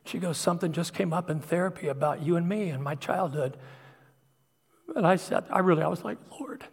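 A middle-aged male pastor shares a raw, confessional story from the pulpit, his voice slightly husky and a touch higher than most men's. He sinks to near-whispers and then swells louder as emotion takes him. The sound rings with a long reverb from a large church hall. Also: a little fast. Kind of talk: personal testimony sermon.

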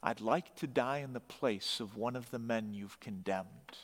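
A preacher voicing a frail, soft-spoken old priest. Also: male voice, mid-range voice, unhurried, voice pushed down, natural voice. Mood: calm, humble. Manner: soft, calm, quietly pleading. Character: frail, calm elderly male priest. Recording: long hall reverb.

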